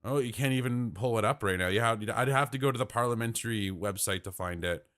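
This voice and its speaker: Brief: Canadian male streamer, bright forceful voice, excitable reaction commentary. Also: mid-range voice. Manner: animated, exasperated, talks fast in bursts. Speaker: live stream host reacting to parliament.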